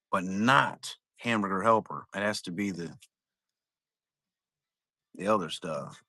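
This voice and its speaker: Bright-voiced rambling middle-aged man. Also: mid-range voice, dry recording. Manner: rambling storyteller, swears freely, laughs at his own stories. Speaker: live-stream seller. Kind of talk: casual chat. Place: at home, sitting.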